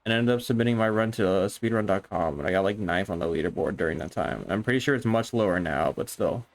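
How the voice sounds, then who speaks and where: This young live streamer has a low voice and talks fast in casual chat. Excitable and prone to rambling, he curses frequently and often starts his sentences over.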